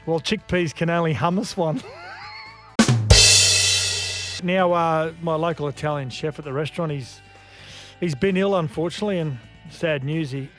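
A man's voice: a little high, a little fast, over music. A man telling dad jokes and laughing at his own punchlines. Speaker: joke teller.

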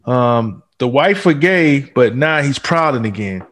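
Easygoing male host, mid pitch, reads out viewer questions. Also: unhurried. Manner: relaxed, agreeable, lots of fillers while reading viewer questions. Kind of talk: casual panel chat.

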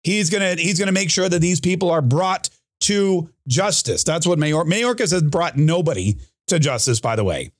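A man hosting his own political podcast, talking in a rambling, boastful monologue full of restarts and animated asides. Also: fairly high pitch, moderate pace, dry recording, clean studio sound. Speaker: podcast host.

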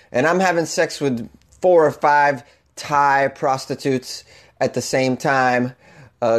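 A man with a Boston accent hosting a comedy news show, riffing with sarcasm and mock outrage and laughing at his own jokes. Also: fairly high pitch. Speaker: comedian podcast host.

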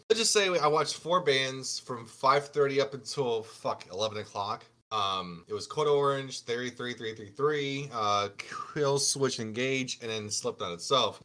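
A man spinning a long story on a podcast, cursing often and growing more exasperated as he talks. His delivery is loose, animated and conversational, with a plain middle pitch. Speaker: podcast co-host. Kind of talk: casual storytelling rant.

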